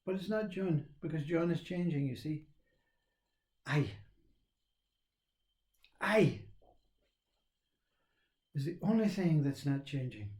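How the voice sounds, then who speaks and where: A man giving a slow, reflective spiritual talk on self-inquiry, repeating phrases as he teaches. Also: a little high, lively intonation, darkish tone, echoey room.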